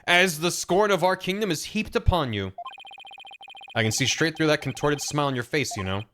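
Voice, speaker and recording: A man's voice: on the high side, normal speed, noisy background, lightly acted. A man voicing a haughty scornful princess. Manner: imperious, cold, scolding.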